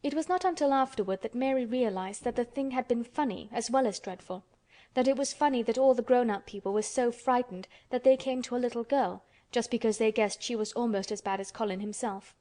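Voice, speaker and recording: A woman narrating an audiobook in a steady, measured way. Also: a little high. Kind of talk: scripted narration.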